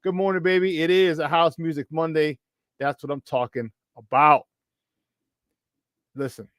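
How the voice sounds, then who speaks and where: Fired-up male sports radio host, high voice, close dry studio sound, greets listeners by name. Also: steady tone, normal speed, long pauses, dry recording. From Chicago area. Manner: hyped, shouting out listeners by name. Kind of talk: morning sports talk show.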